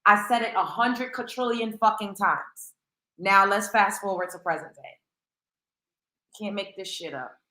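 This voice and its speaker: A woman's voice: medium pitch, measured pace, pushed and bright, roomy sound. A woman hosting a reaction commentary show, blunt and profane, firing off rhetorical questions.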